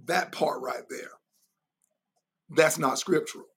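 A man's voice: on the high side, slow pace, gravelly, fairly bright tone, slightly rough. A man teaching in a sermon style, emphatic and repetitive, who often laughs as he goes. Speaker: preacher and Bible teacher.

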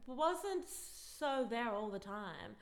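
A woman's voice: fairly high pitch, animated, drawn-out words. A young Australian woman co-hosting a casual podcast chat, telling rambling stories between frequent giggles. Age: young adult. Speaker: podcast co-host.

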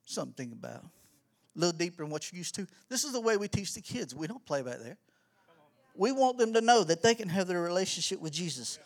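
High-voiced, fervent male church speaker. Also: a little fast. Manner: energetic, preacherly, with rising shouts. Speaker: children's ministry pastor. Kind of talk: church talk from the pulpit.

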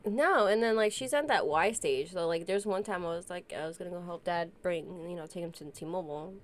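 A woman's voice: fairly low pitch, brisk. A young woman and mother of two co-hosting a casual podcast, joking and laughing often. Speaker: podcast co-host. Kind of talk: casual chat.

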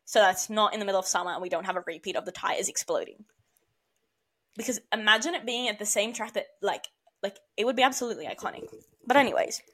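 A woman's voice: medium pitch, fast, a bit bright. A woman from Australia co-hosting a podcast in casual chat, gushing and slangy. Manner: gushing and slangy, calls things iconic. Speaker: podcast co-host.

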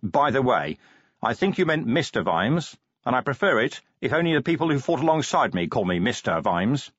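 Man voicing a tired sardonic watch commander, dry clipped delivery, husky, lo-fi audiobook sound. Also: medium pitch, sing-song, normal speed, a bit bright, no echo, voice pushed up. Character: weary, dry-witted male city watch commander.

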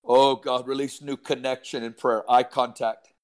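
A man leading charismatic group prayer, speaking in tongues with fervent calls that swell loud and drop to hushed murmurs. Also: mid-range voice, level tone, moderate pace. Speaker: prayer leader.

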